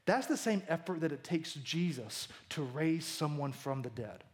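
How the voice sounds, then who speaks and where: A man in his thirties preaching a sermon, animated and jokey, acting out the lines he quotes. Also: on the high side, moderate pace. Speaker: pastor.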